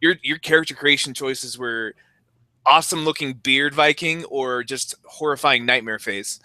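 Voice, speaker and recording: Bright, dry-voiced wisecracking man. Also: medium pitch, normal speed, no room sound. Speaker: podcast co-host. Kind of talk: casual gaming chat.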